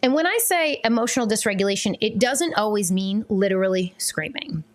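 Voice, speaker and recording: A woman's voice: medium pitch, expressive, a little fast. A woman hosting a parenting podcast, talking in a chatty, candid way with fillers and self-corrections. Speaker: podcast host and parenting coach.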